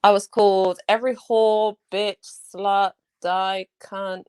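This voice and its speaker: A woman's voice: mid-range voice, flat delivery, slow, darkish tone, clean tone. A woman with a South London accent in a blunt, profane casual chat, mimicking others as she talks. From England. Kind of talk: casual live-stream chat.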